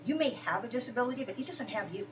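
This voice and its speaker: A woman in a casual conversation, a mother telling heartfelt stories at a quick pace. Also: on the high side, expressive. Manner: heartfelt, fast-paced storytelling. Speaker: guest, mother. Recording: distant mic with noise.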